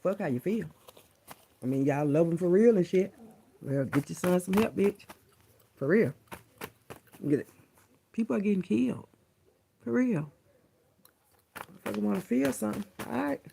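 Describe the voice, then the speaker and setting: A woman's voice: mid-range voice, lively intonation, moderate pace, vocal fry, pauses often, a little hiss or hum. A woman vlogger in a casual, unscripted rant to camera, blunt and profane, who keeps repeating her points. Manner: coos softly at her dogs in between.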